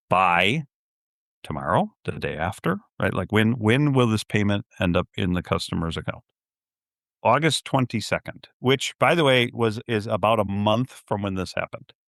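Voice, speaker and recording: Animated man retelling a maddening call. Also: lowish voice, no echo, clean studio sound. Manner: animated, acts out both sides of a phone call, laughs in disbelief. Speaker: podcast host telling a story. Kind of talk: casual storytelling.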